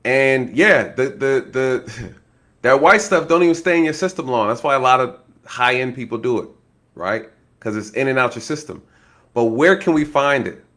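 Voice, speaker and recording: A man who is a former law enforcement officer gives casual true-crime commentary. He is animated, laughs often, keeps addressing his viewers and acts out possible scenarios. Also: medium pitch, normal speed.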